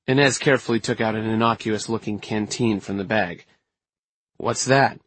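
A man reading a first-person story aloud in a steady, measured way. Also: on the low side, dry recording. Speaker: audiobook narrator. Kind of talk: first-person scripted narration.

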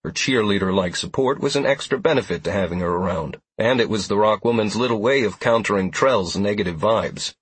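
A man narrating a first-person audiobook in an even, steady storytelling manner. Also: lowish voice, fairly quick, few pauses, breathy edge, no room sound.

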